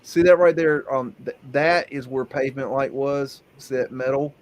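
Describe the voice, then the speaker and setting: A man's voice: mid-range voice, steady tone, moderate pace. A man co-hosting a podcast in casual chat, blunt and emphatic, swearing freely. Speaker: podcast co-host.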